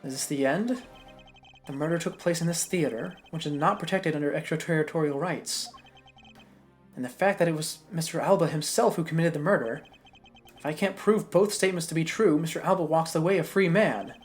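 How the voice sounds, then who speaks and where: A woman reading a grave, low-voiced prosecutor. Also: a little fast, soft background music, natural voice. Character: grave, composed male prosecutor.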